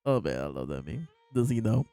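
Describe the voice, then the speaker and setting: A podcast host who reviews manga chats casually, amused and laughing often. His dark, clean voice is on the low side with big pitch swings, moving fairly quick with no echo and soft music playing in the background.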